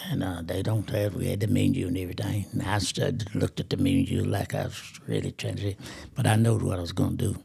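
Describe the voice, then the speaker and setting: A man in his eighties, a grandfather, telling a family story in a lively way, laughing as he goes and acting out the quotes. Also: low-pitched, brisk, creaky, husky. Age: 80s. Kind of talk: casual storytelling.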